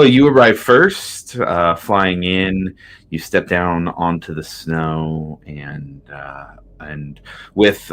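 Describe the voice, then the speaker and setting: Brief: very deep male game master, halting narration with lots of fillers. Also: a bit bright. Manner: halting, many fillers, low-key.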